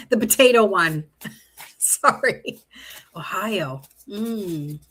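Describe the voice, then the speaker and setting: A middle-aged woman from Canada talks through a live tarot reading at a relaxed, slow pace. Her voice is bright and clear. She drifts easily between the cards and the viewers' comments, laughing often. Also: mid-range voice. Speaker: tarot livestream host. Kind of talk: casual live-stream chat while reading tarot cards.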